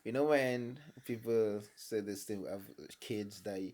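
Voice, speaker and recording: A man's voice: lowish voice, slow pace, a little mellow. A man hosting a casual podcast interview, backing up his guest with short replies and laughter. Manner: responsive, frequent affirmations and laughter. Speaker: podcast host.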